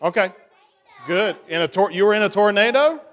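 A high-voiced man leads a children's sermon, coaxing and playful as he directs the kids. His voice rings with the long reverb of a church sanctuary. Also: animated, brisk, a faint crowd.

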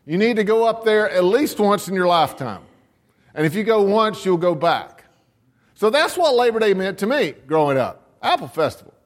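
Older American man, pastor, sermon delivery, high pitch, deliberate, reverberant church. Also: big pitch swings. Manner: rhetorical questions, slow deliberate emphasis.

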